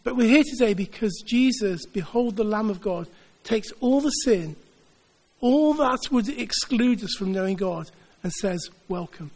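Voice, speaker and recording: A man's voice: high voice, animated, a little slow, a little mellow, big-room sound. A man preaching a sermon, earnest, building his points with repeated phrases. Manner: earnest, repetitive rhetorical build-ups. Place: church.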